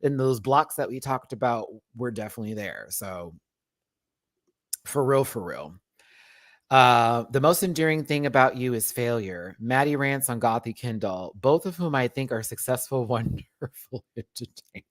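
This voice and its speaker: A man's voice: mid-range voice, very animated, moderate pace, dry recording, studio quality. A young man hosting a casual livestream, reading out viewer messages with affectionate pet names and laughing often. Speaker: drag race review host.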